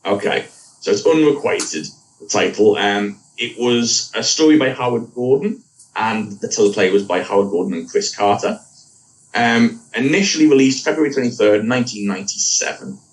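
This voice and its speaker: A man's voice: mid-range voice, normal speed. A man co-hosting a podcast, recapping an episode in a rambling casual way and correcting himself as he goes. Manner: rambling, self-correcting, laughs at own slips. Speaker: podcast co-host. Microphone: wrong mic picking him up from afar. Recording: distant from the mic.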